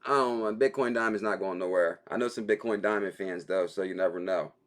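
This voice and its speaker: A man's voice: deep voice, brisk. A man hosting a daily crypto livestream, chatting casually and reading out viewer comments, with a laid-back, slangy manner and easy laughter.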